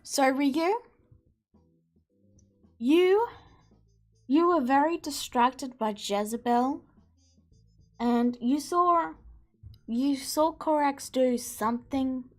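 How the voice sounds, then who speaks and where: A woman game master guides a tabletop game at an unhurried pace. Her voice is fairly high and she explains rules patiently. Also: faint music behind.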